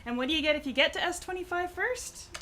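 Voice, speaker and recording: A woman's voice: very high voice, fast, bright, forceful tone, slight background noise. A woman hosting a game live stream, chatting casually while she plays and explains rewards.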